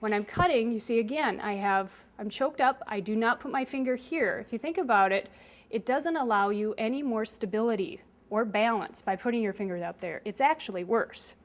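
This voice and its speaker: A woman chef with a slightly high voice teaches children through a cooking demonstration at normal speed. She patiently explains each step, keeping things simple and hands-on.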